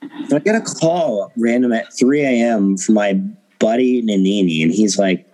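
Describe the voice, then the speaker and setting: A man's voice: lowish voice, lively intonation, moderate pace, mellow, low-quality recording. Laid-back man telling a story. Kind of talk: casual storytelling chat.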